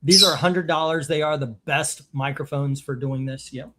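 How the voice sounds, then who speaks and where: A man's voice: a little high, steady tone, normal speed, fairly bright tone. A middle-aged man hosting a live comic auction stream, chatting casually in a rambling, jokey way with lots of fillers.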